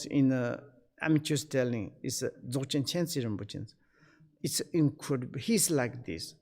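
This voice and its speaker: A Buddhist teacher leads an online dharma session, his slightly raised voice on the high side and a little mellow. He speaks English in halting fragments full of fillers, acting out brief bits of everyday conversation.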